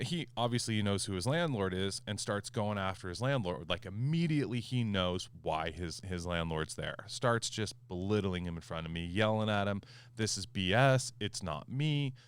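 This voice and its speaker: A man hosting a podcast, a property manager telling a story in a casual, animated way and acting out the quoted back-and-forth. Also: lowish voice, normal speed, few pauses, smooth. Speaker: HOA manager and podcast host.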